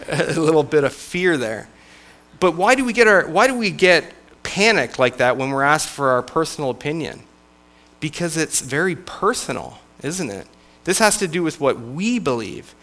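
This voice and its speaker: A man, a church elder, preaching a sermon in a conversational, halting way with frequent restarts. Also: medium pitch, fairly bright tone.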